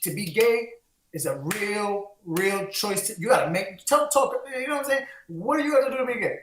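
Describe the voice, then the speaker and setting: A man's voice: high voice, animated, normal speed, fairly bright tone, slight background noise. A man from the Bronx, co-hosting a candid podcast and speaking in an impassioned, preachy way. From the Bronx, New York. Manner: impassioned, preachy, mixes in Spanish phrases. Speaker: co-host. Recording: roomy echo.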